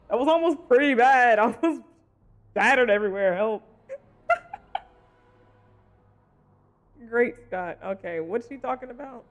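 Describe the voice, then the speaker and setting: A woman's voice: on the high side, normal speed, long pauses. A woman streaming a game live, joking and laughing often in playful commentary.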